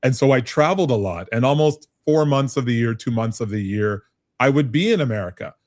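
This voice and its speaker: Middle-aged man from Canada, business advisor guest, mid-pitched voice, animated and self-mocking, chatty interview delivery. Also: fairly quick, dry recording, clean studio sound. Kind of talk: conversational interview.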